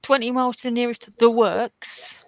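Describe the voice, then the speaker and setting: A woman's voice: a little high, steady tone, normal speed, no room sound. A woman from the UK hosting a live colouring stream, chatting and laughing with guests over a video call. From United Kingdom. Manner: chatty, laughs often, tells stories. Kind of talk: casual chat on a video call.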